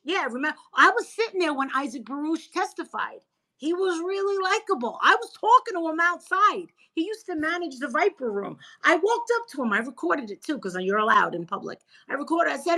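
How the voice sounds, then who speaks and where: A woman guest in a casual chat, talking in an animated, emphatic, gossipy way. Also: sits high, fairly quick, low-quality recording. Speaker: interview guest.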